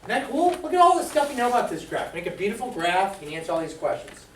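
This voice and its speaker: In an echoey classroom, far from the mic, a man lectures a math class, quizzing students with fill-in questions. His voice is high-pitched, sing-song and fast, with slight background noise.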